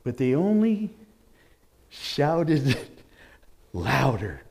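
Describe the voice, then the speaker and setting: A man preaching a sermon in an animated way, rising to shouts as he acts out the stories he tells. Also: a little high, extremely slow, long pauses. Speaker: pastor.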